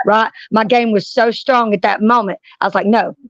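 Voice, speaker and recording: A woman's voice: a little high, fairly even intonation, normal speed, no room sound, dull audio. A woman, talking casually on a live panel stream and telling blunt, profane stories.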